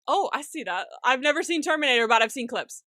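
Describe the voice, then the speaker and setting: A woman's voice: high voice, expressive, fast, bright, forceful tone, no room sound. A woman co-hosting a podcast, recapping an episode in casual chat, laughing often and acting out the characters' lines with plenty of swearing. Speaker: podcast co-host.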